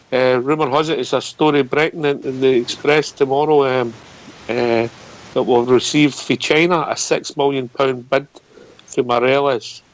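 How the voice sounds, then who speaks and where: A man hosting a live phone-in show, brisk and laughing along with callers. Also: mid-range voice. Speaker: radio phone-in host.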